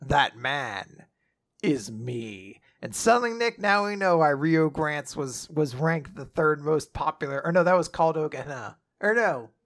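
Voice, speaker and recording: A man's voice: a little high, lively intonation, normal speed, few pauses, a bit bright. A man hosting a podcast, casually recapping a manga chapter with sarcastic jokes and frequent laughs. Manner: joking, laughs often, sarcastic asides.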